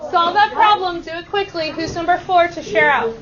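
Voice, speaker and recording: A woman math teacher leading a lesson with brisk, upbeat instructions and call-and-response countdowns. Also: very high-pitched. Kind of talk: classroom instruction. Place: school classroom. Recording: dull lo-fi classroom recording with student chatter.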